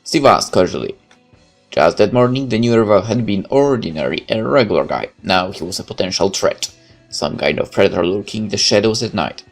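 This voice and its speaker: A man's voice: fairly low pitch, animated, brisk, gravelly, soft background music. A man reading a visual novel aloud as narrator, with occasional casual asides.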